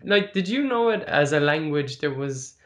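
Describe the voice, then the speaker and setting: A man's voice: on the high side, lively intonation, normal speed, fairly bright tone. An Irish man hosting a podcast, asking curious questions with short encouraging affirmations. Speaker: podcast host. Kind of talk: interviewing.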